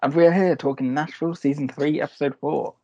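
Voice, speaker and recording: A man hosting a podcast in casual chat, upbeat and quick to laugh. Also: fairly high pitch, fairly even intonation, dark tone, dry recording. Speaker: podcast host. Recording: dull dry podcast audio.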